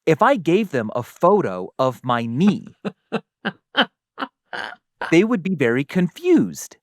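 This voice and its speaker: A man's voice: a little high, big pitch swings, takes it slowly, no echo, studio quality. A man co-hosting a casual science chat, talking through ideas and acting out little quoted exchanges. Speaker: co-host.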